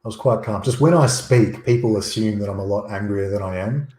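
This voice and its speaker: A man's voice: on the low side, brisk, darkish tone, a little hiss or hum. A man talking as a guest over a video call, blunt and opinionated, swearing freely. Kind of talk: casual chat. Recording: echoey room.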